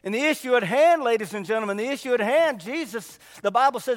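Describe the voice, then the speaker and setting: A man's voice: very high-pitched, expressive, quick pace, hardly any pauses, long reverb tail. A man preaching a sermon in a church, folksy and emphatic, repeating his points for weight.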